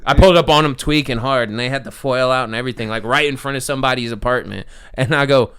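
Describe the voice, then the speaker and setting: A man's voice: mid-range voice, fast talker, few pauses, smooth. A man hosting a podcast, telling a story in casual chat, laughing and acting out the people in it. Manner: animated, laughing storyteller who acts out the people in his stories. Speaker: podcast host.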